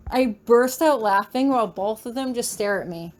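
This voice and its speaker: Higher-voiced woman reading fan fiction aloud. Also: normal speed, few pauses. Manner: lively, chatty, expressive. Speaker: reader.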